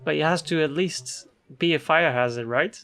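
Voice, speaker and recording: A woman's voice: deep voice, normal speed, fairly bright tone. Woman voicing a mild, dry-spoken hero. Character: mild, polite male underwater office hero. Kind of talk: voicing game dialogue in a let's play.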